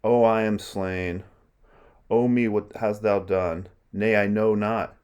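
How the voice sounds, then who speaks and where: A man's voice: lowish voice, fairly even intonation, slow pace, darkish tone, clean tone, muffled recording. A man reading as a frightened queen mother. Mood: alarmed. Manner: reads verse aloud, plainly. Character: worried middle-aged queen, a mother.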